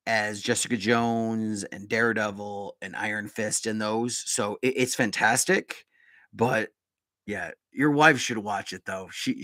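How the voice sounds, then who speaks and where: Excitable rambling male podcast host. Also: mid-range voice, no room sound. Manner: excitable, rambling, quick bursts. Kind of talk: casual live-stream chat.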